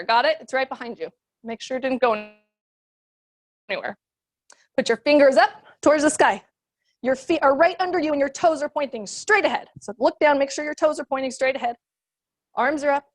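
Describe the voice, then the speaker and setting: A young adult woman leading a kids yoga class, giving playful, encouraging sing-song cues. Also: high voice.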